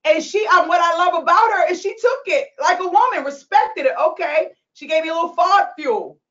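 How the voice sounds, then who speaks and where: Her voice is very high, a bit bright, and expressive, moving fairly quickly through a recorded call where she coaches recruitment business owners. Passionate and preachy, she laughs and gets teary in this emotional motivational replay, with the highs cut off in the audio.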